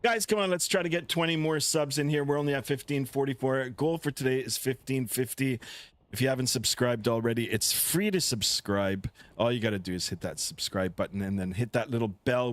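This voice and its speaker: A man's voice: mid-range voice, fairly quick, no room sound. A Canadian man streaming a flight simulator, chatting casually and reading viewer comments aloud. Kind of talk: casual live-stream chat.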